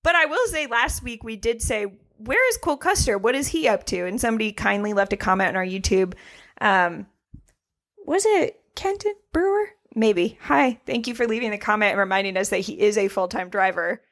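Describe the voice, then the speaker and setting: A woman co-hosting a racing podcast in casual chat, animated and laughing often, with frequent swearing. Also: medium pitch, fairly quick. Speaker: podcast co-host.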